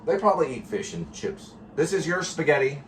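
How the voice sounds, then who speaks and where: A man's voice: on the high side, very animated, brisk, slight background noise. A man hosting a casual home vlog, rambling and reflective, often circling back to correct himself. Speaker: vlog host.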